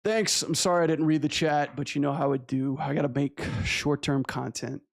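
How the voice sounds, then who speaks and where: A man who animates and streams, chatting casually with his viewers in a relaxed, slangy way over faint guitar music. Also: fairly high pitch, moderate pace, creaky, no echo, clean studio sound. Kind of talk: casual livestream chat.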